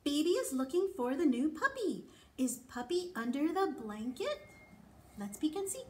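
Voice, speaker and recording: A woman, a children's librarian, reading picture books to toddlers and singing rhymes in an animated, exaggerated sing-song. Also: high voice, moderate pace. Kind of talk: toddler storytime with songs and rhymes.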